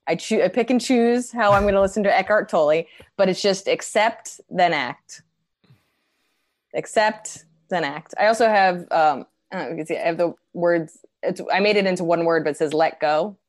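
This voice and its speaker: A woman comedian chatting as a podcast guest, lively and laughing, acting out her own rants. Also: on the low side, normal speed, dry recording, clean studio sound. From United States. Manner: animated, laughing, acts out rants. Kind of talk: casual podcast chat.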